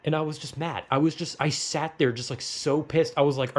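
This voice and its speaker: A man's voice: fairly high pitch, fairly even intonation, a little fast. A man ranting casually about a video game, profane and self-mocking as he tells the story. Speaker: gaming vlogger. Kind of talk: casual rant to camera.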